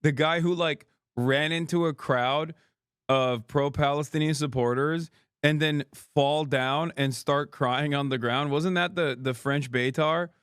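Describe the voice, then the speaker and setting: Sarcastic male streamer, smooth dry voice. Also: fairly high pitch, fairly even intonation, unhurried, a bit bright, no room sound. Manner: sarcastic, mocking, laughs often. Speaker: streamer host. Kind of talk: livestream reaction commentary.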